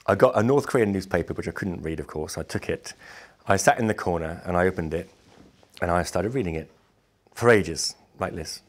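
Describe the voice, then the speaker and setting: A man, a musician, recounting his travels to camera in a wry, animated storytelling manner. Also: low-pitched, a little fast. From Britain. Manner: animated, acts out other people's lines; wry, amused asides.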